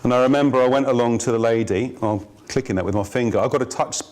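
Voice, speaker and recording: A man giving a business training workshop, lively and jokey, quizzing his audience. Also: mid-range voice, fast. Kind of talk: workshop presentation. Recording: noisy room recording.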